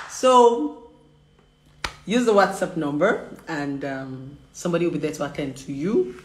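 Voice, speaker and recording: A woman chats candidly with her viewers, teasing and laughing. Her voice sits a little low for a woman. The room echoes, with a faint hiss underneath. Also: lively intonation, a little slow. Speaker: relationship coach. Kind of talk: frank casual vlog talk.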